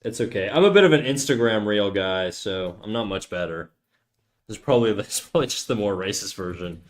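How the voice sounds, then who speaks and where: A young American man with a lowish voice streams while drawing, talking a little fast and animatedly. He chats with viewers in a joking, ranting way, swearing heavily and putting on mock outrage.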